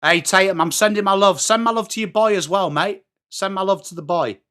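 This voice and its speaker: Calling the match live, this chatty livestream host, a middle-aged man from England, reads out viewer messages and addresses people by name during a football watchalong. He has an English accent and a high, sharp voice at a fairly quick pace.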